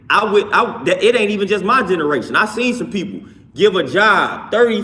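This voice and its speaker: A man's voice: high-pitched, bright, forceful tone. A man hosting a livestream, talking to chat in a repetitive, preachy way. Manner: preachy, repeats phrases, greets chat by name. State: just worked out. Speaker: livestream host. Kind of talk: casual livestream talk reading chat.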